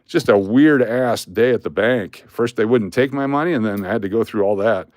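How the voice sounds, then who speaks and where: A man's voice: fairly low pitch, moderate pace, no room sound. Middle-aged male streamer, casual storyteller, dead-dry room sound. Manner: animated, acts out other people's lines when retelling. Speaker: live stream host.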